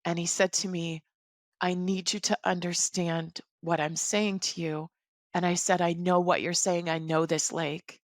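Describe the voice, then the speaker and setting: A woman in her forties, a podcast guest, recounting a personal story in a measured, reflective way. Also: fairly low pitch, level tone, no echo, clean studio sound.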